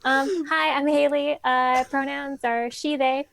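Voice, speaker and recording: A woman's voice: sits high, steady tone, unhurried, vocal fry, heavy background noise. A woman introducing her character as a player in a tabletop game, giggly and a little flustered. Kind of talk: casual live-stream chat.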